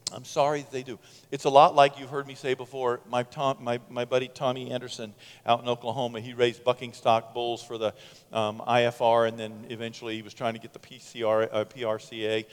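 A middle-aged man preaching a sermon as pastor, telling stories in an animated way and acting out quotes. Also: medium pitch, normal speed. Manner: animated storytelling, acts out quotes. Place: church sanctuary. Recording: long church reverb.

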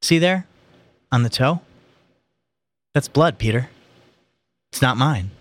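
A man's voice: medium pitch, lively intonation, takes it slowly, no echo, pitched above the performer's own voice. A man reading aloud voices a hurt small boy who speaks with bitter, pleading words. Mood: cold.

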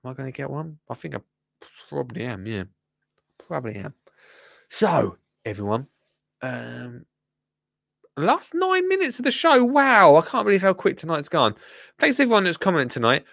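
A man's voice: mid-range voice, animated, moderate pace, gravelly, pauses often, a bit bright, no echo, studio quality. A man with an English accent hosting a live show, chatting casually with a jokey, rambling manner. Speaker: show host.

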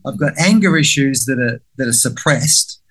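A man's voice: mid-range voice, expressive, normal speed, a bit bright, husky. Candid man telling a story. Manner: candid, profane, acts out his own inner voice. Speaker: guest. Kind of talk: conversational storytelling.

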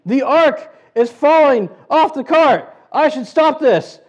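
A man voicing a flustered ancient man who hurries to steady a falling cart, speaking in a raised, earnest, alarmed tone. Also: very high-pitched, takes it slowly, highs cut off, pitched above the performer's own voice, heavily acted. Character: panicked man reaching to steady the ark.

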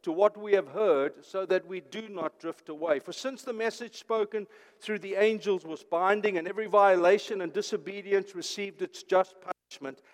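An older man preaching a sermon, swinging between urgent loud declaring and hushed, quiet phrases. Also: high voice, normal speed, big-room sound. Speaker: pastor.

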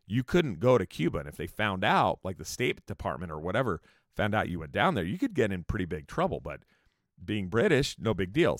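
Casting note: a man with a low, very lively voice, a rambling storyteller full of cursing and asides, dry close sound. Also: dry recording. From California. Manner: profane, rambling, joking asides. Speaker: musician telling tour stories. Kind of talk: casual storytelling monologue.

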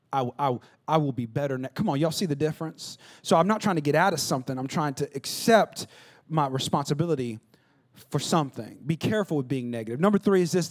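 High-voiced pastor preaching with call-and-response. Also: male voice. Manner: self-deprecating humor. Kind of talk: sermon. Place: church stage, on stage before a congregation.

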